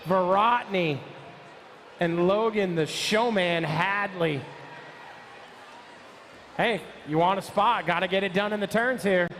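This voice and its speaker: A man's voice: high-pitched, a bit bright, a faint crowd, a little hiss or hum. A man announcing a live BMX race, rattling off rider names, numbers and nicknames as they hit the track. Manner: rapid-fire calling of rider names and numbers.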